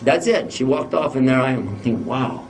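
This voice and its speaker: A man's voice: medium pitch, lively intonation, fast. A man telling a personal story in a casual way, often laughing as he talks. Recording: distant microphone.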